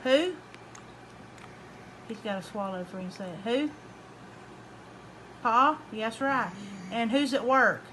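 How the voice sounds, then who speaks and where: A woman, softly coaxing her son to speak at his hospital bedside. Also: a little high, unhurried, pauses often, a little hiss or hum. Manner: soft, coaxing, repeats questions. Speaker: mother caring for her son. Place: hospital room.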